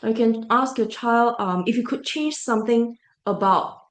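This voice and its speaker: A woman's voice: fairly high pitch, normal speed, echoey room. A woman giving a parent briefing as a teacher, emphatic and full of rhetorical check-ins.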